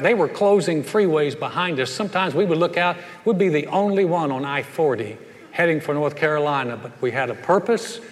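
Folksy pastor preaching in a reverberant hall. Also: male voice, on the high side. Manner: folksy storytelling, animated punchlines. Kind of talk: sermon.

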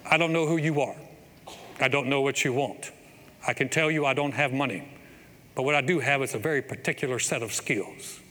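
A man doing an impression of a grim film father who makes slow, measured threats to a kidnapper. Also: mid-range voice, pushed and bright, slight background noise, natural voice. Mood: menacing. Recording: long hall reverb, faint ambience.

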